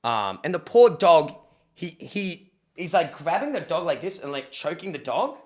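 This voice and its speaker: A young man streaming, reacting to videos and telling a story in casual chat, animated and swearing freely. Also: fairly high pitch, normal speed.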